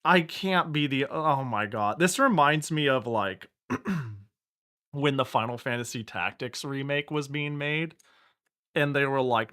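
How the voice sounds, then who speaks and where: A man streaming, reacting in casual commentary, excitable and ranting, laughing and exclaiming at what he sees. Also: mid-range voice, slow pace.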